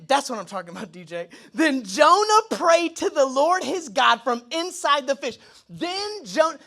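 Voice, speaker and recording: A male pastor delivers a sermon from a church stage, his voice high and full of swooping pitch. He talks to the crowd casually, breaks into asides and acts out little dialogues in shifting voices. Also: pushed and bright. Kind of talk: energetic sermon.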